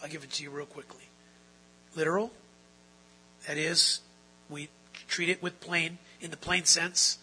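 A man's voice: fairly high pitch, steady tone, measured pace, long pauses, sharp tone, breathy edge, rough recording. A man preaching a sermon as pastor, emphatic and repeating key phrases for stress.

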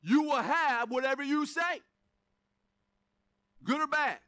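A male pastor preaching a sermon, animated, with casual joking asides. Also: extremely high pitch, slow pace, dry recording.

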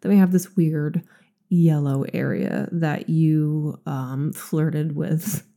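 Woman podcast cohost, slight lisp, swears a lot, warm low-ish voice, lots of uh and like. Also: steady tone, slow pace. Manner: blunt and profane, lots of filler words. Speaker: podcast co-host. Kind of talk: casual chat.

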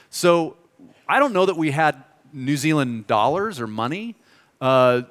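A middle-aged American man preaching a sermon, telling a story in an animated, joking, conversational way. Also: mid-range voice, clean tone. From United States. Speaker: pastor. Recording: reverberant hall.

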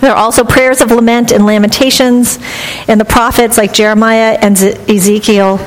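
A woman pastor reading scripture and preaching a sermon in a measured, earnest, reflective manner. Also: on the high side, steady tone. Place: church sanctuary. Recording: long hall reverb.

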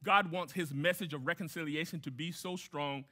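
A man's voice: fairly high pitch, normal speed, few pauses, sharp tone. A man preaching a sermon as a guest pastor, emphatic, repeating key phrases and putting questions to the congregation.

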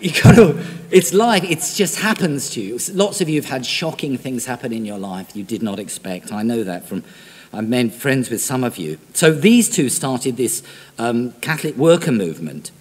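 A man's voice: medium pitch, animated, normal speed, darkish tone, breathy edge. A man preaching a sermon, talking conversationally and putting direct questions to his congregation. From Britain. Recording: reverberant hall.

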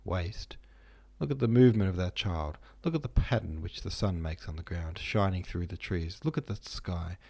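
A man's voice: sits low, normal speed, vocal fry, darkish tone. A man reading the part of an earnest, easily moved young male medical student, in an audiobook.

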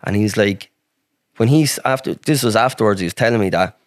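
A man's voice: on the low side, brisk, no room sound, clean studio sound. An Irish man telling a long personal story as a podcast guest, rambling and swearing freely. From Ireland. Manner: rambling, heavy swearing, frequent restarts. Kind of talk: casual storytelling.

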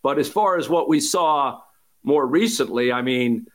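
A man hosting a sports talk show, telling anecdotes in a steady, conversational way. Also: medium pitch, a little slow.

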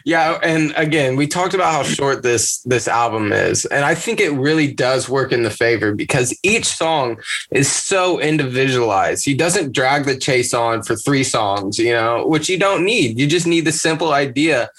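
Male podcast co-host, mid pitch, animated and profane, quick to laugh. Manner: animated, swears freely, laughs often. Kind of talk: casual music podcast chat.

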